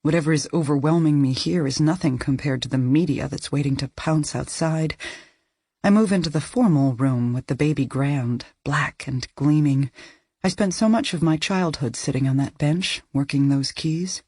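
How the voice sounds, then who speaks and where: A woman's voice: low voice, normal speed, a little mellow, slightly rough, no echo, clean studio sound. A woman reading a first-person thriller audiobook, with tense, emotional delivery. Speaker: audiobook narrator.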